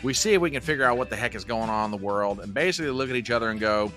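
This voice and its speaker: A man hosts a casual livestream in a lowish voice, racing along with few pauses over soft background music. He's folksy, animated, and talkative, reading viewers' chat comments out loud.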